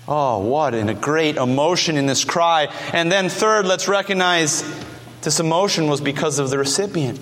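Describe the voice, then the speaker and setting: High-voiced impassioned preacher in a reverberant hall. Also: male voice, normal speed. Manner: impassioned, swinging between loud high pleas and low hushed tones. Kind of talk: sermon. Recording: long reverb of a large hall.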